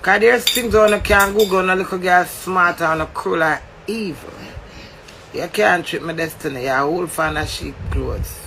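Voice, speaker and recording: Gravelly Jamaican man ranting. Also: high-pitched, normal speed, noisy background. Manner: confrontational, swearing, preachy. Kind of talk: heated rant.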